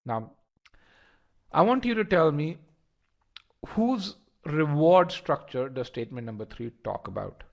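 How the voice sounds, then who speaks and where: A man's voice: on the high side, big pitch swings, a little slow, vocal fry, long pauses, a little mellow. A man leading a live online test-prep lesson, talking straight to his students with frequent repeated words and restarts. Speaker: instructor.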